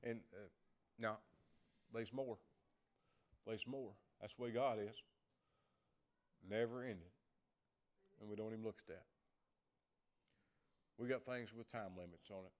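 A man's voice: on the low side, fairly even intonation, measured pace, long pauses. An older man, preaching a folksy lay sermon, repeating words and chuckling as he talks.

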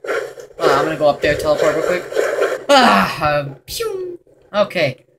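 A man giving let's play commentary on a horror game, excitable and profane, with jumpy reactions. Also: on the high side, a little slow, creaky, heavy background noise. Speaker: gameplay commentator.

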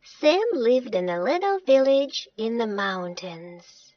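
Slow, lively woman reading a storybook. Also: on the high side, dry recording. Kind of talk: children's storybook narration. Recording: dull lo-fi dry recording.

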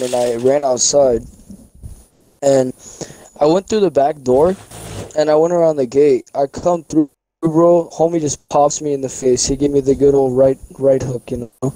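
Young man, podcast co-host, rambling storyteller, swears a lot, mellow dark tone. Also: medium pitch, steady tone, moderate pace, rough recording. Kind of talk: casual chat.

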